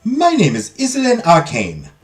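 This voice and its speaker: A man's voice: sits high, huge pitch swings, moderate pace, soft background music, pitched above the performer's own voice. A man reading out a female magic history teacher's lines in a raised voice while playing a game. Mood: welcoming. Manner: reading game dialogue aloud.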